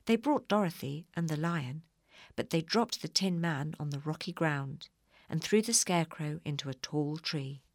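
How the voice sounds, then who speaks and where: A woman reading a children's storybook aloud in an expressive, clear way. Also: deep voice, moderate pace, no echo, studio quality.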